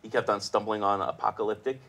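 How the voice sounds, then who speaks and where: A man's voice: lowish voice, fairly even intonation, fast talker, a bit bright. A man hosting a weekly live show in a casual, jokey way, laughing often between his remarks. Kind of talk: casual livestream chat.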